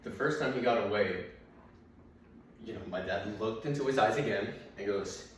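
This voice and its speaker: Young guy doing stand-up, lowish voice, swears a lot, acts out his dad, sounds far off in a super echoey room. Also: normal speed, slight background noise. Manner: rambling, profane, acts out his dad and dog. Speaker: stand-up comedian. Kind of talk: stand-up comedy storytelling. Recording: very echoey room, mic at a distance.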